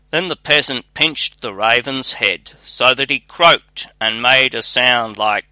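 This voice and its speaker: A man narrating a fairy tale in a measured, even read-aloud manner. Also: medium pitch, dry recording. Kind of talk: storybook narration.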